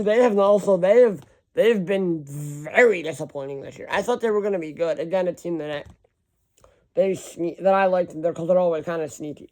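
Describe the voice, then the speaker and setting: A man talks casually on his own, rambling and correcting himself as he reads through long lists. His voice sits a little high and sounds smooth and clear. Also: darkish tone. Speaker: hockey fan ranking team schedules. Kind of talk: casual solo commentary.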